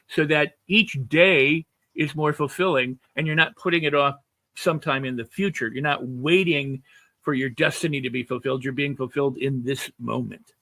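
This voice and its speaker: Bright, reflective male podcast host. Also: on the high side, no echo. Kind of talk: interview chat.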